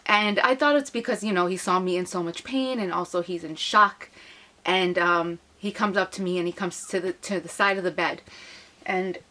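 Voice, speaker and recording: Young female vlogger, fairly low pitch, tells an emotional personal story to camera. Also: moderate pace, sharp tone. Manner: emotional, retelling with acted quotes.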